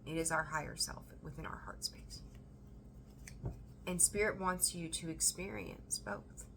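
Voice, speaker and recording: A woman reading tarot for her viewers, emphatic and animated, repeating phrases for emphasis and swearing now and then. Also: deep voice, unhurried, creaky, whispered. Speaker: tarot reader. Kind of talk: intuitive tarot reading to camera.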